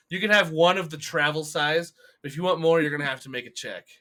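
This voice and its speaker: A man's voice: a little high, pushed and bright. A man running a tabletop role-playing game as game master, teasing the players in loose casual banter with lots of fillers.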